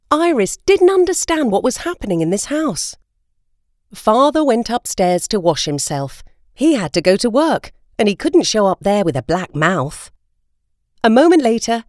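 A woman narrating a storybook aloud in an expressive, lilting storytelling manner. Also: medium pitch, measured pace, dry recording, studio quality.

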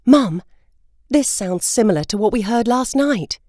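A curious, skeptical young daughter, put on by a woman reading a storybook aloud. Her voice sits well above the reader's own, rising and falling lively on every question. The sound is close and dry. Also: a little slow, dry recording. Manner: high, bright questioning voice.

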